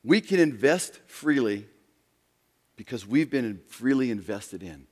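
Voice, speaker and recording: A pastor preaching a sermon, swinging from quiet, low talk to loud, raised passages. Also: male voice, lively intonation, a little slow. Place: church sanctuary. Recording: long reverb of a large hall.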